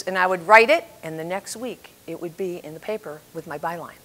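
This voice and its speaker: A woman in her seventies giving a storytelling talk about writing, lively and laughing at her own stories as she acts out the people in them. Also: medium pitch, a little fast, hardly any pauses. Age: 70s.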